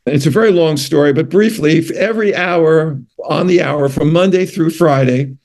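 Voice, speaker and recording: A man's voice: a little high, normal speed, a little mellow. An older man with a New York accent, a doctor telling stories in a rambling, anecdotal interview style with frequent self-corrections. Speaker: guest, retired physician. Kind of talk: casual interview storytelling.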